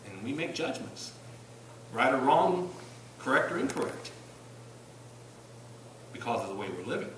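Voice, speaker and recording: A man from Virginia with a Southern accent preaches in a church sanctuary, emphatic and full of rhetorical questions aimed at the congregation. His mid-range voice has a sing-song lilt, fairly bright tone, normal speed, and long pauses. The distant, roomy recording carries slight background noise.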